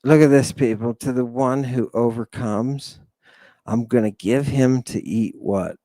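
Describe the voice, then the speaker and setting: With a mid-range voice and an unhurried pace, a man serving as host gives a fervent, preacherly scripture lecture, recorded without echo. Sighs and sarcastic asides pepper his talk, and he repeatedly addresses "people" and asks them "right?"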